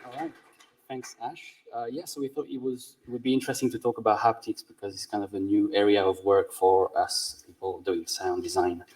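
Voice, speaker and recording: Male presenter, methodical and hesitant, slightly low voice, distant mic. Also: fairly even intonation, brisk, darkish tone. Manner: methodical, explaining step by step with many "uh"s. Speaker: conference speaker, sound designer. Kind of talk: conference talk.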